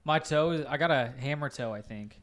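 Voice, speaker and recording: Fast-talking podcast co-host. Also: male voice, mid-range voice. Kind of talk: casual podcast chat.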